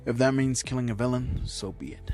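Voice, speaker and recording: A man doing a blunt, gruff male teacher. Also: medium pitch, fairly quick, a little mellow, soft background music, natural voice. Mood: stern. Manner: blunt, curt.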